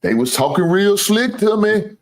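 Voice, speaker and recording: A man with a high voice, very animated and at a moderate pace, hosts a sports show. He goes on a casual trash-talking rant for viewers, full of bragging and teasing, swearing freely and laughing at his own jokes.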